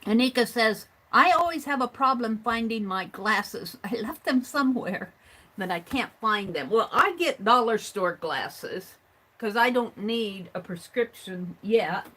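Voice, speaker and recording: Showing crafts and reading viewer comments during a livestream, a middle-aged woman chats in a rambling, casual way. She speaks a little slowly, in a fairly bright, animated voice on the high side, and the recording is rough.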